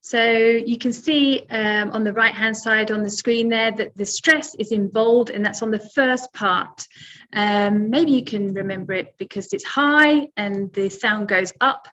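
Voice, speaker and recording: A woman's voice: fairly high pitch, unhurried, a bit bright, lo-fi sound, slight background noise. A woman teaching English pronunciation in a webinar, patient and step by step, with many fillers. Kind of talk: webinar lesson.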